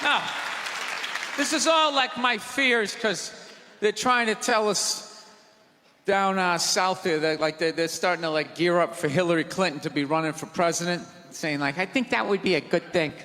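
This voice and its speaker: A man doing a stand-up set on a theater stage, ranting in a loud, exasperated way into a handheld mic. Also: high voice, steady tone, normal speed, a faint crowd. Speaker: stand-up comedian. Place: theater stage before a live audience. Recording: live theater recording with audience noise and reverb.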